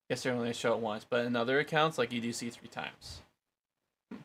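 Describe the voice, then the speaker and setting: A man's voice: medium pitch, brisk, a bit bright, a little hiss or hum. A man reading a Bible passage aloud and then discussing it casually with many fillers. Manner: reads aloud, then chats loosely with many "like"s. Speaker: Bible study co-host. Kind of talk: scripture reading with casual commentary.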